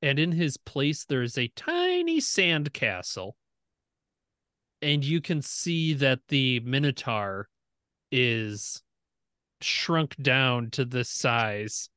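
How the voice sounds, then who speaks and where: A man narrating as game master, animated, laughing and making sound effects. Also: medium pitch, slow, clear, resonant tone, no echo, studio quality.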